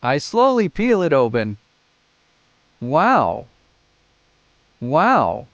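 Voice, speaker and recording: Male field educator, animated delivery, slightly high voice, excitable commentary. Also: very slow, no room sound, lo-fi sound. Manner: excited exclamations, counting aloud. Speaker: snake educator.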